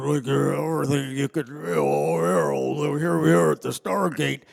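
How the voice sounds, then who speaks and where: A man's voice: on the high side, slow, creaky, exaggerated voice. Man doing a mumbling Southern general. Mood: gruff mumbling. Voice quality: mumbling, hard to understand. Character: gruff heavyset old Southern male general. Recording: long hall reverb.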